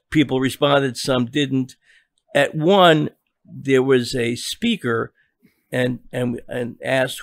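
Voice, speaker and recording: In a studio-quality recording free of room sound, an older man with a mid-range voice and vocal fry tells a lengthy story. He's a journalist guesting on a podcast, and he halts often, restarting and repeating words.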